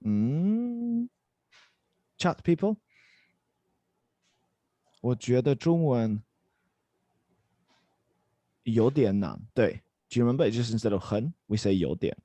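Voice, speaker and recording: A man's voice: mid-range voice, lively intonation, moderate pace, pauses often, dark tone, dry recording. A man teaching a Mandarin lesson over a video call, encouraging and switching between English and Chinese. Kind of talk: online language lesson.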